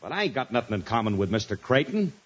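An actor playing a sarcastic, boastful husband in a 1940s radio comedy, drawling slangy wisecracks. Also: male voice, medium pitch, very animated, fast talker, breathy edge, lo-fi sound. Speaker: comic lead of a radio sitcom. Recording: scratchy old radio recording with loud hiss.

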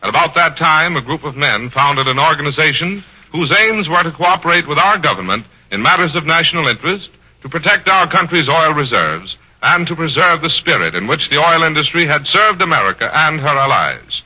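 A man's voice: a little high, sing-song, fairly quick, pushed and bright. A man announcing on radio, reading a formal scripted commentary in an earnest, declamatory manner. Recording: dull lo-fi 1940s radio recording.

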